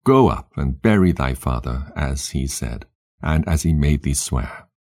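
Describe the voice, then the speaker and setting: A man's voice: very deep voice, animated, a little slow, darkish tone, voice pushed down, exaggerated voice. A man reading the lines of a stern ancient king who gives commands. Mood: commanding.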